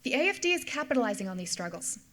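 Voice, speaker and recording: A woman's voice: a little high, big pitch swings, rapid-fire, fairly bright tone. A middle-aged woman, a history professor, giving an explanatory lecture and repeating key points for emphasis. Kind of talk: lecture with slides.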